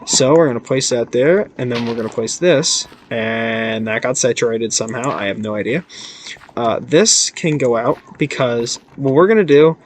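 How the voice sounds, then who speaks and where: A man's voice: medium pitch, moderate pace, slight background noise. A young man casually narrating his game as host, rambling and goofy, often cutting himself off. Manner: rambling, goofy, self-interrupting. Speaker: gaming channel host. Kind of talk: casual let's-play commentary.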